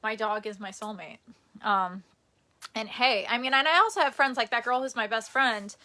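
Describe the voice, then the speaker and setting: A young woman from the United States chatting casually on a live stream at home, self-deprecating and quick to laugh. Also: a little high, sharp tone. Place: indoors at home near a bed. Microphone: phone or camera on a tripod.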